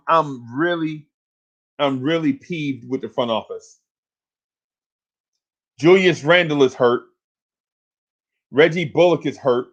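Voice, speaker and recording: A man hosting a sports talk livestream, ranting in exasperation, repeating himself and climbing into shouts. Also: a little high. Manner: exasperated, repetitive, rising to shouts. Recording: lo-fi stream audio.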